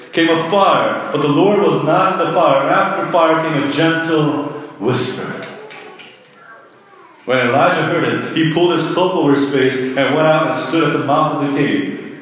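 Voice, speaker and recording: A man's voice: on the high side, fairly bright tone. A male pastor giving a sermon, reading scripture aloud and acting out the prophet's complaints in a raised, exasperated voice. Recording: echoey hall with long reverb.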